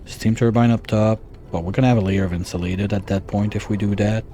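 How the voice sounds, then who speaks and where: A man's voice: lowish voice, steady tone, a little fast, warm tone, slight background noise. A man giving casual let's-play commentary, thinking aloud and muttering his calculations as he plans. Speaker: gameplay streamer.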